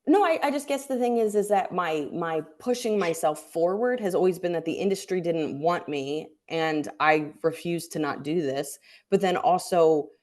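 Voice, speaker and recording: A woman's voice: on the low side, moderate pace, hardly any pauses, darkish tone. A female stand-up comedian as a guest, speaking candidly and reflectively in casual conversation. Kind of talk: casual chat.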